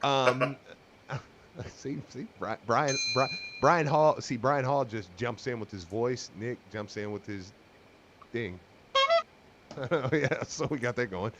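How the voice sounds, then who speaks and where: A man hosting a casual sports talk show, excitable and quick to laugh. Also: medium pitch. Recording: faint background noise.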